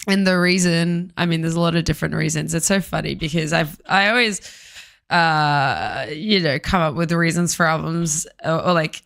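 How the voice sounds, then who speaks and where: Hoarse woman chatting on a livestream. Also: lowish voice, fairly bright tone. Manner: rambling, chatty, self-deprecating with fillers. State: hoarse voice from talking too loudly. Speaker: musician hosting a livestream. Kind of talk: casual livestream chat. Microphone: desk microphone, turned down for clipping.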